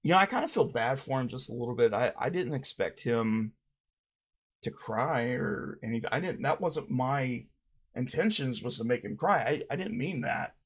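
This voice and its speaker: A man hosting a comedic mock interview, talking low and deadpan with hesitant restarts. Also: moderate pace, slightly rough. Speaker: parody interviewer.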